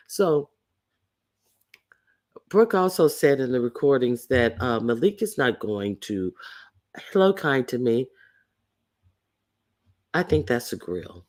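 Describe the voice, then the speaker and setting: A man's voice: fairly high pitch, big pitch swings, unhurried, pauses often, mellow. A man hosting a livestream, giving blunt, sassy gossip commentary and greeting chat viewers between remarks. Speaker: livestream host.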